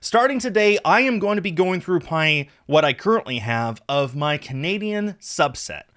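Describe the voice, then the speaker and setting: An American man hosting his own collector video, talking in a casual, rambling way with lively jumps in pitch. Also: moderate pace. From United States. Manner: rambling, chatty, animated pitch swings. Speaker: video host.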